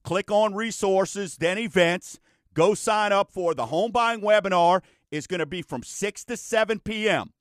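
The radio host, who also works as a mortgage lender, speaks a little slowly as he tells folksy stories in a chatty, casual way. For a man his voice is fairly high, and the close, dry recording has no echo.

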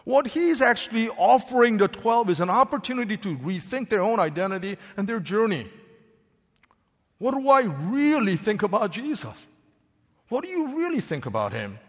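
Animated high-voiced male preacher. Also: moderate pace, long reverb tail. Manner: animated, questions the congregation directly. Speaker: pastor. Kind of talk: sermon.

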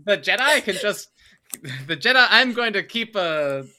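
A woman's voice: mid-range voice, big pitch swings, unhurried, pushed and bright. A woman chatting playfully with friends, slipping into mock-formal speech. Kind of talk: casual podcast chat.

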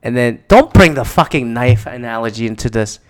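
A man's voice: mid-range voice, lively intonation, brisk. A man in a casual, rambling monologue, exasperated and swearing often.

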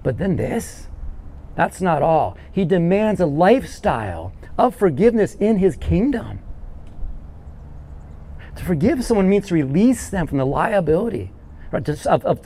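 Animated high-voiced male pastor preaching. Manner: animated, acts out quoted characters in the story. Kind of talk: sermon.

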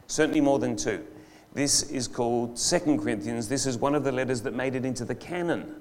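A man preaching a live sermon in a church. He slows down and stresses key words for emphasis. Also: medium pitch. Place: church hall.

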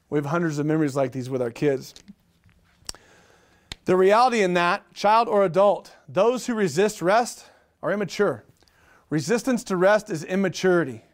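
A middle-aged man preaching a sermon, energetic, with rhetorical questions and repeated phrases. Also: high voice. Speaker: pastor.

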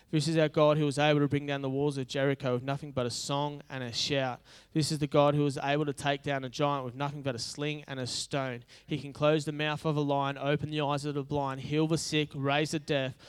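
A man's voice: medium pitch, clean tone. A male pastor preaching a conversational, humorous sermon that builds into emphatic repetition.

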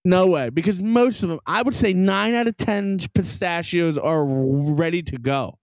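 A man co-hosting a podcast speaks in a fairly high voice and trades teasing, swear-laden jabs. The sound is dry and close, with no room around him. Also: measured pace, no room sound. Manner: profane, teasing, argumentative. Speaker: podcast co-host. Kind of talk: casual banter.

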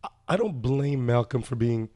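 A man's voice: medium pitch, animated, moderate pace, mellow, slight background noise. Earnest, emphatic man guest. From Virgin Islands family background. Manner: emphatic and earnest, building points with rising stress. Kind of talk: casual podcast chat.

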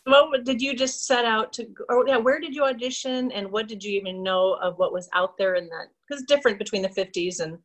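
A woman's voice: on the high side, fairly even intonation. A woman interviewer asking curious follow-up questions in a casual conversation. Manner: quick curious questions with short reactions.

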